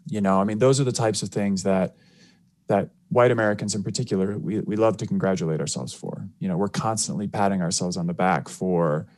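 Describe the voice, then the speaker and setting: A man, a civil rights attorney and author, answering questions as a radio guest in a measured way. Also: on the low side, darkish tone, no echo. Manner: measured, many fillers and restarts. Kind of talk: radio interview.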